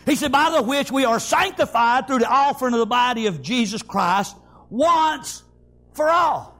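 A man preaching a fiery sermon, shouting in bursts and repeating "praise God" and "amen". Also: very high-pitched, expressive, moderate pace.

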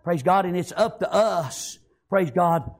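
Male preacher, high voice, fervent, keeps saying praise god, bursts into shouts. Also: a little slow. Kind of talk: sermon.

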